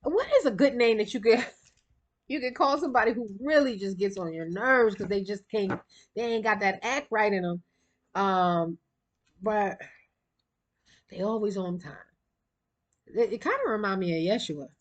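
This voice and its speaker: Chatty, breathless woman reading cards. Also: medium pitch. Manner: chatty, rambling, quick bursts of laughter. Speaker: tarot card reader. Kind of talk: casual spiritual card reading.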